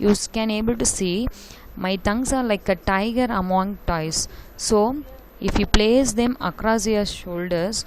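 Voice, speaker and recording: A woman's voice: mid-range voice, normal speed, a little hiss or hum, poor audio. A woman teacher with an Indian English accent, explaining a prose lesson line by line and repeating herself in simple words. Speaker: school teacher.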